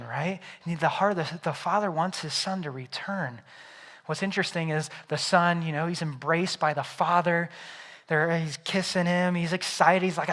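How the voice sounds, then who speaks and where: A male pastor preaching a sermon in church, moving from quiet reflection to loud, excited storytelling. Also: fairly high pitch. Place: church sanctuary.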